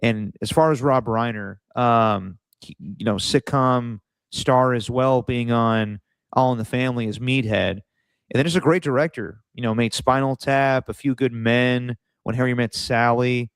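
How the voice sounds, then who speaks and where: Smooth-voiced man chatting casually. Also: medium pitch, moderate pace, no echo. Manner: rambling, anecdotal, lots of fillers. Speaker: podcast co-host. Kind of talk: casual sports podcast chat.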